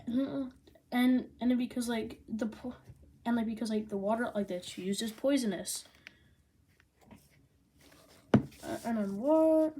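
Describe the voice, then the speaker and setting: A woman giving a casual manga review, rambling and excitable, with lots of "like" fillers. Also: on the high side, moderate pace, a little hiss or hum.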